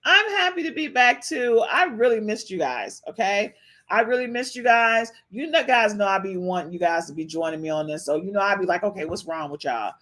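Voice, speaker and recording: A woman's voice: medium pitch, lively intonation, a little fast, fairly bright tone. Chatty woman podcast host. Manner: chatty, repeats phrases, frequent "okay?" tags. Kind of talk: casual live-stream commentary.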